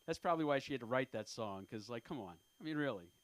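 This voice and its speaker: A man in his fifties doing an open-mic stand-up set on a comedy club stage. He talks in a rambling, self-deprecating way, halting often with fillers. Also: medium pitch, animated. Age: 50s.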